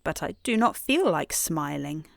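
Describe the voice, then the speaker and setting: A woman voicing a tearful little girl in a bedtime story, speaking in a high, plaintive voice. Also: big pitch swings, a little slow, vocal fry, dry recording, studio quality, exaggerated voice. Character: tearful little girl who cries constantly.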